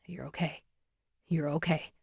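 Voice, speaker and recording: A woman voicing a calm, steady firefighter man. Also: fairly quick, dry recording, studio quality, lightly acted. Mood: gentle. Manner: low, quiet and even.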